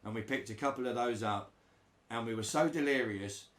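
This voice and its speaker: Speaking briskly in a mid-range voice, a middle-aged storyteller shares a laid-back road-trip tale from life on tour. He animates it by imitating the broken English of the people he met.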